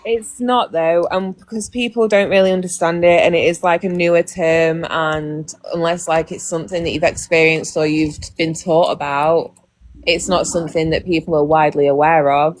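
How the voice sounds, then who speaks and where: A woman's voice: sits low, steady tone, normal speed, no echo. A woman hosting a livestream chat, talking bluntly and swearing freely. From England. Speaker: livestream host.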